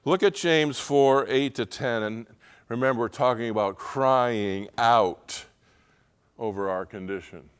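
Casting: middle-aged male pastor, smooth resonant voice, heartfelt sermon delivery. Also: medium pitch, a little slow. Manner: earnest, swings from quiet confiding to loud emotional pleading.

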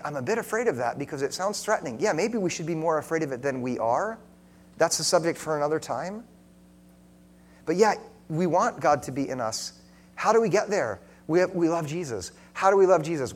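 Male preacher, slightly high voice, earnest and direct, questions the congregation, goes soft and intimate. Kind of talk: sermon.

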